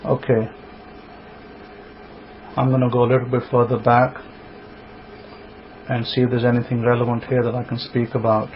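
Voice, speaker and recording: A man in the middle of a scripture lesson, reading passages aloud and then working through what they mean in loose, thinking-aloud speech. His voice sits at an ordinary middle pitch. The recording is dull and lo-fi. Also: monotone, moderate pace, long pauses, slight background noise. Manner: reads verses aloud and explains them, thinking aloud. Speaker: rabbi. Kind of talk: scripture teaching.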